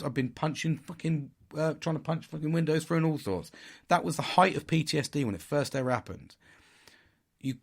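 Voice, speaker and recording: A middle-aged man talks straight to camera in a candid vlog. He is blunt and swears freely, and he breaks into vivid acted-out outbursts. His voice sits at an ordinary middle pitch. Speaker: vlogger. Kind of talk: candid monologue.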